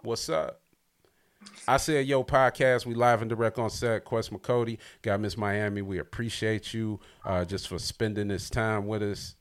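A man's voice: fairly low pitch, fairly even intonation, a little slow. A man hosting a podcast interview, talking loose and slangy as he hypes up his guest over a video call. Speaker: podcast host. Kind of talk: casual interview chat.

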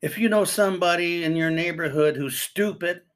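A man's voice: sits high, normal speed, fairly bright tone. An older man, a grandfather, talking casually and at length, reading news aloud and giving earnest advice to parents. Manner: rambling, reads news aloud and reacts. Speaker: commentator. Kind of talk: casual spoken commentary.

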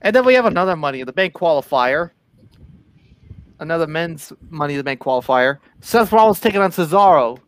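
A man co-hosting a podcast, reading out results from notes in a steady, announcer-like way. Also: a little high, a little fast, smooth. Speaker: podcast co-host reading news.

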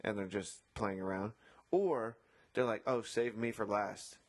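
This beach umbrella attendant has a lowish voice and speaks a little slowly. In a relaxed storytelling chat, he recounts a clash with a customer, voicing both himself and the customer and cursing often.

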